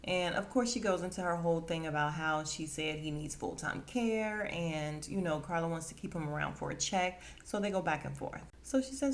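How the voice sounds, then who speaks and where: A woman hosting a podcast, casually recapping a TV episode and acting out the characters' lines with lively, expressive delivery. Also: deep voice, normal speed, hardly any pauses, slight background noise. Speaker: podcast host.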